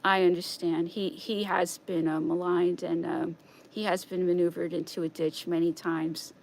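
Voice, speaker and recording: A woman streaming a rambling, agitated monologue, repeating herself, swinging between raised outbursts and quiet, hushed stretches. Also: lowish voice, little pitch movement, normal speed, gravelly, slight background noise.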